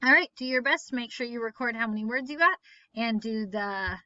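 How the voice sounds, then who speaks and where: A woman teacher reads a word list to her students, each word pronounced with slow, careful precision. Her voice is bright and sits a little high. The recording is dry and slightly dull, like a modest home setup. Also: no echo.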